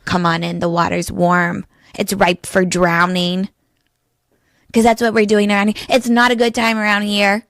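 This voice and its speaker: Woman, podcast host, deadpan, sardonic, dry close sound, mid pitch. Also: normal speed, no room sound. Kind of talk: sarcastic monologue.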